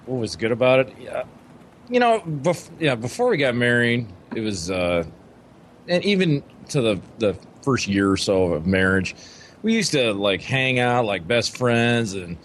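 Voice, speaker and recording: A man chatting casually about his marriage, laid-back and halting with fillers. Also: mid-range voice, big pitch swings, a bit bright, a little hiss or hum. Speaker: podcast co-host. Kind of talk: casual chat.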